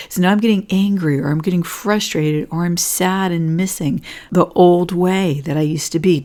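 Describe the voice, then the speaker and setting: A hoarse woman hosting a casual livestream talk, chatty, often laughing and clearing her throat. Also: fairly low pitch, moderate pace, hardly any pauses, mellow. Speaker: host presenting Schumann resonance readings.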